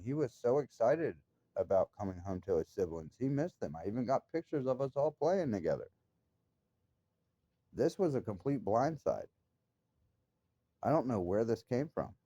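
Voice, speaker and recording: A man's voice: medium pitch, warm tone, no room sound, dull audio. A man talking straight to his viewers in a casual monologue, telling an upsetting story in an agitated, emphatic way with frequent swearing. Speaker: vlogger.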